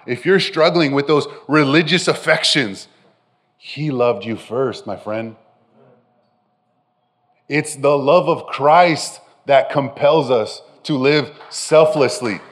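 A man delivering a sermon in a slightly high voice, animated and direct with his listeners. He checks in with them often and swings between loud emphasis and soft, close phrases. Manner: addresses listeners directly with frequent "right?". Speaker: pastor.

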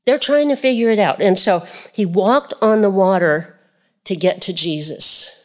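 A woman's voice: medium pitch, a little slow. A woman preaching a sermon, reading scripture aloud and repeating key phrases with rhetorical questions to the listeners.

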